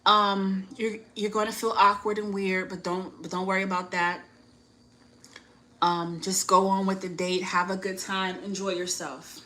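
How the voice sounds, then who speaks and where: Northeast us woman vlogging dating tips, talks slow, chatty, lots of "like", laughs at herself. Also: mid-range voice, little pitch movement, sharp tone, low-quality recording. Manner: chatty and frank, many "like" fillers, laughs at herself. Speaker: YouTuber giving dating advice. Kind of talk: casual advice vlog.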